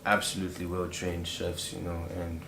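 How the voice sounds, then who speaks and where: A man's voice: sits low, completely flat delivery, normal speed, creaky, noisy background. A young Nigerian man with a Nigerian accent, chatting easily as an interview guest, laughing often and filling with "you know". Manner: easygoing, laughs often, many fillers. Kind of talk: casual interview chat. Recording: roomy echo.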